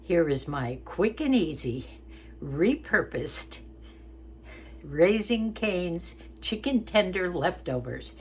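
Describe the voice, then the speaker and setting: Woman, 80s, warm homey cook talking viewers through each step, slightly low register, home kitchen. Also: very animated, takes it slowly, a little hiss or hum. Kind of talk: casual cooking demonstration.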